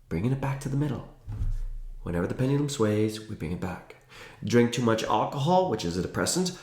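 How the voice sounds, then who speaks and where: A man giving an energetic, emphatic health lesson to camera, with playful asides. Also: medium pitch. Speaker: naturopathic health educator. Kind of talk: energetic educational talk to camera. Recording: roomy echo.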